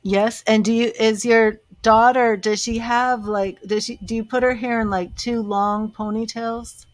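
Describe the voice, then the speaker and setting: A woman doing a live-stream psychic reading, halting and searching as she relays what she senses. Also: on the high side, fairly even intonation, no echo. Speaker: psychic medium.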